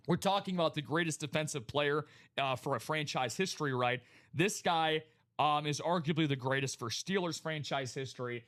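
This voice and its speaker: A man hosting a live sports memorabilia stream, talking in an energetic hype style and greeting viewers by name. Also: a little high, normal speed. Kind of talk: casual live-stream chat.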